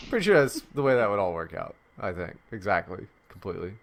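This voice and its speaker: A man's voice: low voice, big pitch swings, fast talker. A man co-hosting a podcast, rambling and profane, riffing in casual comedic bits. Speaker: podcast co-host.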